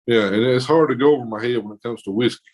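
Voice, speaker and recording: A man's voice: medium pitch, quick pace, a little mellow, low-quality recording. A man with a heavy Mississippi Southern accent, a laid-back podcast guest chatting casually. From Southern United States. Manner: laid-back, easygoing, drinking. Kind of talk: casual chat.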